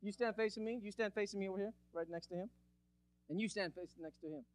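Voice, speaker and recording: A man preaching a lively sermon as pastor, calling out to the congregation and acting out a demonstration. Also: sits high, quick pace. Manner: energetic, calls out to congregation. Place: church.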